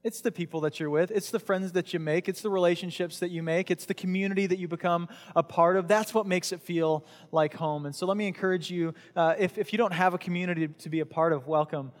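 Chatty pastor in a reverberant hall. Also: male voice, high voice, fairly even intonation, quick pace, few pauses. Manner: chatty, jokey, talks with the crowd. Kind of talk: casual conversational sermon. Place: church hall with audience.

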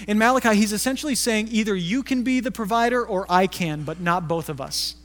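A man's voice: sits high, a little fast, a bit bright. A middle-aged man preaching a sermon as a pastor, telling stories in a conversational way. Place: church hall. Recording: long reverb of a church hall.

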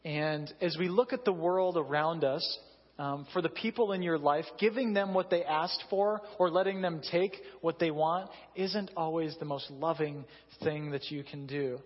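A man's voice: on the high side, normal speed, breathy edge. A man in his thirties, a pastor, giving a conversational sermon with self-deprecating stories. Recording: dull reverberant hall sound.

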